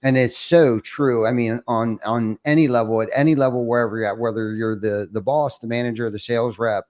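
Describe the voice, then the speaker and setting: A man's voice: mid-range voice, fairly even intonation, brisk, darkish tone. A man hosting a podcast, talking in a reflective way and often restarting his sentences. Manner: reflective, many restarts and fillers. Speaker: podcast host. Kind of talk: casual interview chat.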